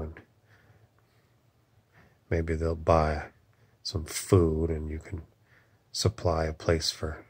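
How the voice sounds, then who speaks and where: A man's voice: a bass voice, a little mellow, husky. A man in an angry, rambling political rant, swearing often and leaning on "you know". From Canada.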